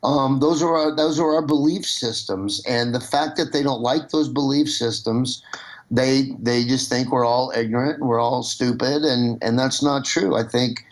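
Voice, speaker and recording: A man's voice: medium pitch, fairly even intonation, normal speed. A middle-aged man from Nebraska, a comedian calling in as a guest and talking loosely, with many restarts. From Nebraska, USA. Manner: rambling, with restarts. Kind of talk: casual phone conversation.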